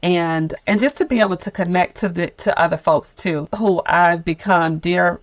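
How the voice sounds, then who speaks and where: A woman's voice: fairly low pitch, moderate pace, dry recording. Candid, laughing woman in her 50s. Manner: candid, expressive storytelling with frequent laughter. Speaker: nonprofit leader on sabbatical fellowship. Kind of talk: podcast conversation.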